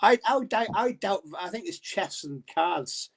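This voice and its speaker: A man's voice: sits high, expressive, normal speed, gravelly, a crowd in the background. A man as a podcast guest in casual chat, telling stories chattily, swearing and laughing often.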